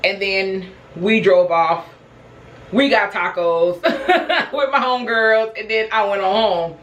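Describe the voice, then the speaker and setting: A woman's voice: medium pitch, takes it slowly, fairly bright tone. Chatty woman vlogger telling a story to y'all, laughing a lot, echoey room. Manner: chatty, laughs often, addresses viewers as y'all. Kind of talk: casual storytelling while snacking.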